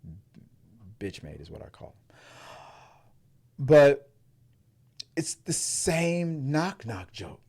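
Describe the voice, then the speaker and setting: A male podcast host talking through movies in loose, rambling chat. He curses freely and gets animated, with a voice of middle pitch for a man. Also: extremely slow, vocal fry, long pauses, breathy edge. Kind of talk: casual chat.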